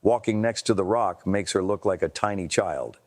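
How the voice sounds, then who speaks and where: A man reading scripted narration for a celebrity clip video in an even, measured way. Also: deep voice.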